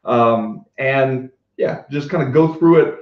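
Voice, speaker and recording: A man with a mid-range voice speaks slowly as a podcast co-host, chatting casually with enthusiasm and dropping wry, self-deprecating asides. The recording sounds roomy, dull, and lo-fi.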